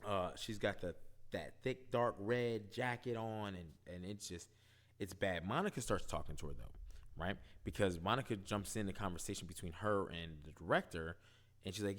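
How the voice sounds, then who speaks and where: Lively man recapping an episode. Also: low voice, moderate pace. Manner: animated, retells scenes, quotes characters, frequent "right?". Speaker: show reviewer.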